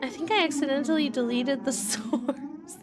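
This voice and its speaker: A young woman streaming a visual novel and chatting live with her viewers, animated, with frequent gasps and laughs. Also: high voice, moderate pace, heavy background noise. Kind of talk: casual live-stream chat.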